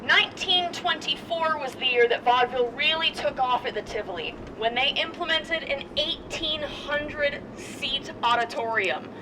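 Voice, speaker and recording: A woman with a high voice narrates a walking tour, chatty and storytelling. She sounds set back from the mic, with loud traffic noise around her on the street. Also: normal speed, hardly any pauses, recorded from a distance. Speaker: tour guide. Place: outdoors on a street.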